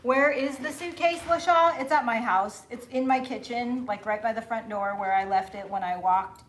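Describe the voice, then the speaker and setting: A woman's voice: fairly high pitch, normal speed, a little hiss or hum. A woman hosting a live crafting show, chatting casually and laughing often as she works. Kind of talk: casual chat while crafting.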